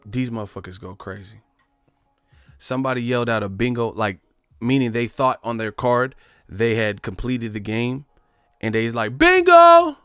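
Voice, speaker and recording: A man's voice: mid-range voice, fairly even intonation, moderate pace, smooth, dry recording, studio quality, soft background music. A man telling a profane, rambling comic story in casual slang. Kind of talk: casual comedic storytelling monologue.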